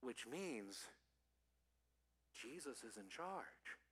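A male pastor giving an animated, playful sermon to children and youth, quizzing the audience as he goes. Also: medium pitch, drawn-out words, breathy edge, big-room sound. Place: church.

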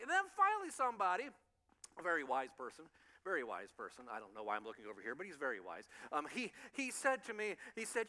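A male pastor preaching a sermon with a high, bright, forceful voice. He tells stories with lots of animation and slips into playful voices for the people in them. Now and then he chuckles at his own jokes. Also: wildly swooping pitch, brisk, long reverb tail. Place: church sanctuary.

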